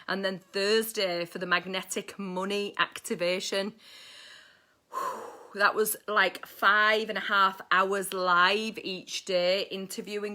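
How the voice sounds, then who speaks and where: A woman's voice: medium pitch, bright, forceful tone. A woman hosting a casual astrology livestream, playful and swearing, greeting viewers by name. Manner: playful, swearing, sings snatches of songs; reads viewer comments aloud.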